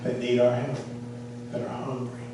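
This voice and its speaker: A man's voice: medium pitch, completely flat delivery, moderate pace, heavy background noise. A male pastor preaching a sermon, telling a story and putting questions to the congregation. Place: church sanctuary. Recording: echoey church hall, from far off.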